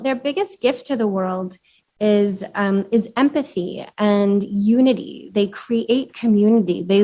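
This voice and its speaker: A woman's voice: medium pitch, darkish tone. A woman presents to a small audience in a meeting room. She talks in a loose, conversational way, with fillers, and now and then she asks the room questions. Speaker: speaker at a chapter meeting.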